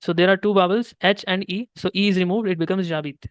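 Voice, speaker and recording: A man's voice: high-pitched, steady tone, quick pace, smooth, dry recording. A young man with an Indian English accent teaching French one-on-one, patiently explaining step by step and slipping into Hindi. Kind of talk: one-on-one language lesson.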